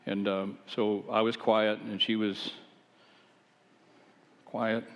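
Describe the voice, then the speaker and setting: A man preaching, telling his own testimony in a folksy, animated, conversational way with self-deprecating humor. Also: lowish voice, takes it slowly. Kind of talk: folksy storytelling sermon. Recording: long hall reverb.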